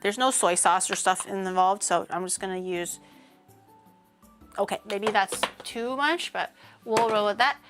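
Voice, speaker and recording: A woman streamer chatting casually while she cooks, rambling and breaking into animated mock-outraged rants. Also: mid-range voice, unhurried, over music. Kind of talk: casual livestream chat while cooking.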